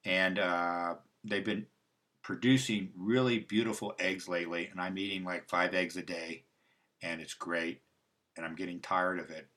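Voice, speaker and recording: A man with a somewhat low voice hosts a casual livestream. He talks off the cuff, rambling, restarting sentences and drifting into asides. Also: steady tone, normal speed, pushed and bright. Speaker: host. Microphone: livestream mic.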